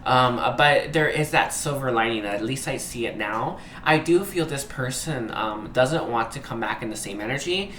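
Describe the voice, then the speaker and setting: A man giving a tarot reading, hesitant and earnest, often pausing to search for words and apologizing. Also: medium pitch, animated, a bit bright. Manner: earnest, emotionally moved. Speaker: tarot reader. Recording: roomy echo, faint background noise.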